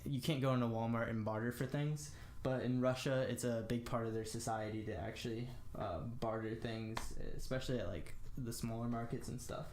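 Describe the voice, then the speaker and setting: A young American man giving a casual spoken language lesson, slowly demonstrating phrases with lots of "uh" and "um". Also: mid-range voice, fairly even intonation, a little mellow, roomy sound, slight background noise. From United States. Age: young adult. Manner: slow, careful demonstration of phrases with frequent fillers. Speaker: language tutor.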